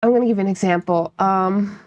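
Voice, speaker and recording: A woman's voice: mid-range voice, a little fast, dry recording, lo-fi sound. A woman from upstate New York, chatting casually with her live-stream viewers, playful and laughing often while she teases chat.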